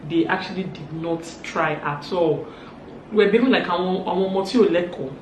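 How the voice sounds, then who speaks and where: A woman's voice: fairly low pitch, fairly quick, slight background noise. Chatty Nigerian woman recapping gossip, echoey room. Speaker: vlogger. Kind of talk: casual reality-show recap.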